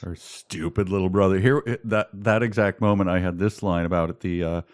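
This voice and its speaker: A man co-hosting a podcast, chatting casually about a book with a wry, sarcastic manner and halting restarts. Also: deep voice, fairly even intonation. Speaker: podcast co-host.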